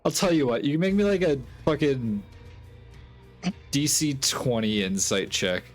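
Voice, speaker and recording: A man's voice: medium pitch, big pitch swings, a little slow, faint music behind. A man acting as game master in a casual tabletop game, explaining rules and narrating scenes plainly.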